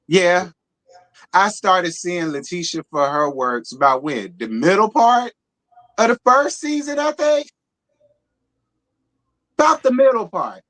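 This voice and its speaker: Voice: medium pitch, fairly bright tone. A co-host on a live reality TV review stream, blunt and sassy, throwing shade at the cast. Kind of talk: casual gossip chat on a livestream.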